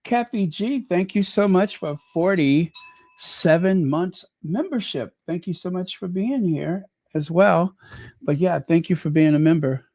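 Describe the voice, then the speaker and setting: A man's voice: sits high, unhurried, a little mellow. A man hosting a casual livestream, chatting in a rambling way with many fillers and restarts, close to the mic. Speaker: channel host.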